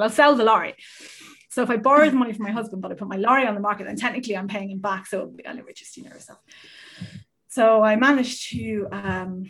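An Irish woman with a husky, slightly breathy voice tells a rambling, self-mocking story in relaxed podcast chat. She laughs often and keeps a mid-range pitch, chatty and easygoing. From Ireland. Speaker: horse rider.

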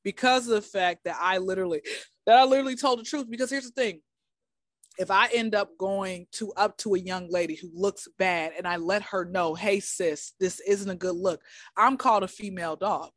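A woman with a mid-range voice speaks fairly quickly in a studio-quality recording with no echo. As a podcast guest telling a casual, comedic story, she is blunt and teasing, rambling off on tangents and repeatedly saying she's getting back to the story.

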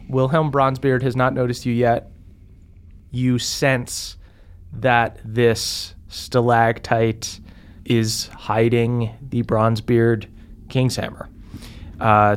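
A man narrating a tabletop game as game master, halting with frequent ums. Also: medium pitch, level tone, clean tone. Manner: halting, full of ums and uhs.

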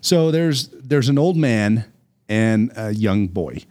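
A man hosting a casual talk show, telling a fable in a lively, rambling way and often repeating his words. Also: on the low side, slow. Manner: animated, repeats words while telling a story. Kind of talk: casual storytelling chat.

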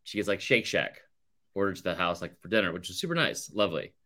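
A man's voice: low voice, lively intonation, fast talker, sharp tone. A male podcast co-host telling a rambling, sarcastic story in casual chat, saying "like" constantly. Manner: rambling, sarcastic, heavy use of "like".

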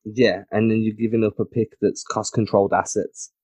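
A man's voice: lowish voice, little pitch movement, moderate pace, darkish tone, no echo. A man co-hosting a sports podcast in casual chat, blunt, opinionated and teasing. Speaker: podcast co-host.

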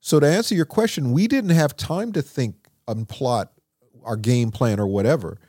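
A man telling stories as an interview guest in a recording studio, animated and acting out what people said. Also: normal speed, dry recording. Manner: animated, acts out quotes with lively pitch. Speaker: songwriter and producer, interview guest. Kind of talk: conversational storytelling.

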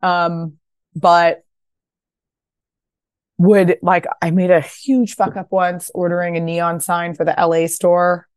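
A woman in her thirties with a notably low voice tells stories on a podcast. She talks casually, drops the odd swear, and lifts into high voices to act out quotes. The sound is close and dry. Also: little pitch movement, slow pace, pauses often, a little mellow, clean tone, no echo. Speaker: guest, fashion brand founder. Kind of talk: casual interview storytelling.

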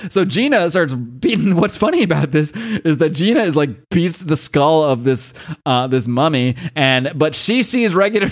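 A man hosting a podcast, casually recapping a comic with rambling restarts, slipping into voices for the characters. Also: medium pitch. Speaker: podcast host.

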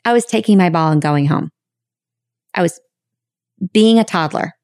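Woman, podcast host, frank, reflective, emphatic, lowish voice, dry sound. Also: moderate pace, darkish tone, no echo. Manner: frank and emphatic, with casual swearing; reflective, with sudden high bursts of emphasis. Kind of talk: candid podcast monologue.

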